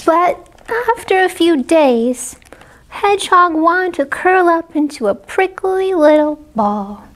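A woman librarian reading picture books aloud at a children's story time, animated and pausing to talk to the kids. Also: very high-pitched. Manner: animated, talks to kids between pages. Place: public library.

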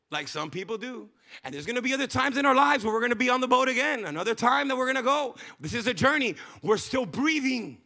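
A man preaching a sermon as pastor, swinging from loud shouted passages to hushed low lines. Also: expressive, fast talker, gravelly, some chatter behind. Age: young adult. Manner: preaches with rising shouts and sudden hushed drops.

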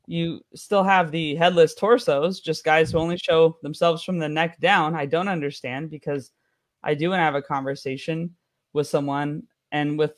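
A man's voice: fairly high pitch, steady tone, moderate pace. An American man performing a stand-up comedy set with a wry, offhand delivery. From United States.

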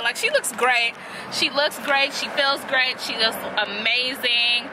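A young woman vlogger rants about a TV episode in a blunt, profane and animated way. Her voice sits high. Loud traffic noise carries behind her as she talks from a car. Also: a little slow. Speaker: TV review vlogger. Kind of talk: casual ranting review.

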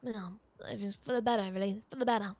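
A woman's voice: mid-range voice, steady tone, a little fast, a little mellow, no room sound. A woman playing a character in a game roleplay, talking in a hesitant way, repeating words and trailing off. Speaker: roleplay player.

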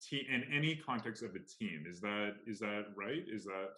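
A man's voice: on the low side, animated, normal speed, pushed and bright, echoey room, rough recording. A man interviewing a guest at a conference, speaking hesitantly with many restarts.

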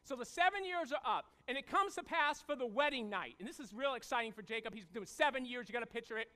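A man preaching a sermon as pastor, telling the story in an animated way and acting out the characters' voices. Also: very high-pitched, quick pace. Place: church sanctuary.

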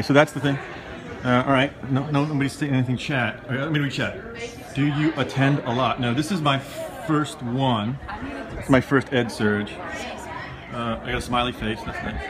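A man's voice: medium pitch, fairly even intonation, moderate pace. A man on a phone livestream, rambling and unsure of himself as he walks around a conference. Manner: flustered, rambling, self-narrating. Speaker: livestreaming attendee. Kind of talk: casual live-stream chatter. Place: busy conference hall with people chatting. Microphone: phone held in hand. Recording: loud crowd chatter behind.

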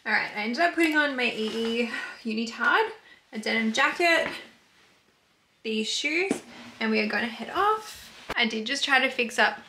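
A woman in her thirties talks casually to the camera in a bubbly, giggly way, her voice sitting a little high. She is recorded in an echoey room at home, with clear noise in the background. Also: lively intonation, moderate pace, sharp tone. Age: 30s. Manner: bubbly and giggly, laughs often. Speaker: vlogger. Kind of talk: casual vlog chat to camera. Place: at home indoors.

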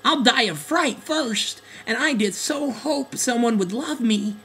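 A man doing a lonely storybook duckling, plaintive, pleading, high and lively. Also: moderate pace, slight background noise, full character voice. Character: sad lonely young duckling, timid.

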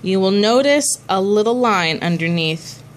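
Slow, patient woman cantor teaching. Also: medium pitch, expressive. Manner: patient, explanatory, breaks into chanted examples. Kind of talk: teaching a prayer chanting class.

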